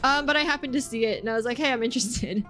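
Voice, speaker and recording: A young woman chatting casually with her stream audience from home, her voice sitting high and light. She talks in a bubbly, giggly way, and soft music plays faintly behind her. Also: rapid-fire. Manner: chatty and bubbly, laughs often. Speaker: game streamer. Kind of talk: casual chat with stream viewers.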